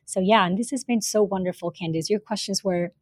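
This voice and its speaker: A woman's voice: medium pitch, fairly quick, dry recording. Earnest woman guest, dry close sound. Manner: earnest, many fillers and repeated words. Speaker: guest, author and former teacher. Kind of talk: casual interview talk.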